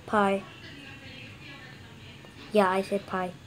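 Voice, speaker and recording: A high-pitched woman chatting over her own gameplay in an unhurried, drawn-out way. She gets excitable and swears, yelling when things go wrong. Faint noise sits under the voice. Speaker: gamer narrating own play. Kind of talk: casual game commentary.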